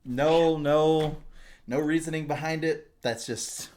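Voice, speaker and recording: A man co-hosting a podcast, telling a story in casual chat with lots of swearing, fillers and excited asides. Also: a little high, takes it slowly, a crowd in the background. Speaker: podcast co-host.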